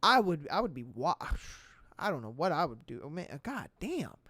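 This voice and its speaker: A podcast host in casual storytelling mode, reading listener posts aloud and riffing on them in slang. The voice sits at a middle pitch, and the recording is dry and close. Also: normal speed, no echo. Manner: animated, slangy, laughs at own stories.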